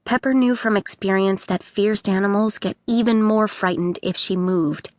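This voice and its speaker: A woman narrating a children's audiobook with expressive storytelling. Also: medium pitch, moderate pace, hardly any pauses, no echo.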